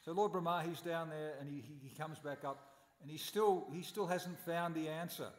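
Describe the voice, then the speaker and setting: A man's voice: on the high side, normal speed, echoey room, long reverb tail. A man giving a scripture class at a temple, telling stories animatedly and posing rhetorical questions. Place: temple hall.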